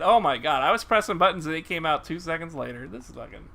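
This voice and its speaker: High, lively-voiced tired man streaming. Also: fast talker, creaky, hardly any pauses, slight background noise. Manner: exasperated, swears often, laughs at himself. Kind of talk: live gameplay commentary.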